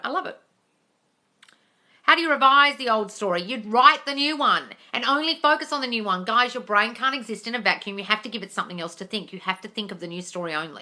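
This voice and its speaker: A woman's voice: lowish voice, sharp tone. A woman answering viewer questions as a manifestation coach on a livestream, blunt and sweary, calling her viewers darling. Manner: affectionate asides to viewers.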